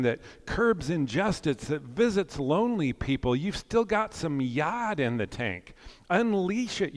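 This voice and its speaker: Man in his fifties preaching in a reverberant hall. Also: medium pitch. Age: 50s. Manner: animated, jokey and earnest, swinging from loud urging to quiet reflection. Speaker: pastor. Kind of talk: sermon.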